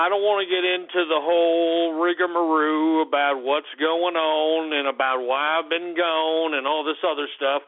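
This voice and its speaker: A man hosting a talk radio show, rambling in a profane monologue full of fillers and sudden outbursts. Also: fairly high pitch. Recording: tinny phone-like radio broadcast.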